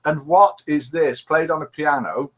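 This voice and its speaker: A man's voice: unhurried, a bit bright. A British man hosting a live online show, chattily reading out viewer comments and telling cheeky jokes in a small home studio. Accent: British English. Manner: cheeky, playful joke-telling with wide pitch swings.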